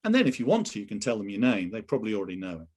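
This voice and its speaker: Lively man leading an online sales training. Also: lowish voice, very fast, slightly rough. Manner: lively, emphatic, rhetorical questions. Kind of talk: live online training session. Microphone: video call.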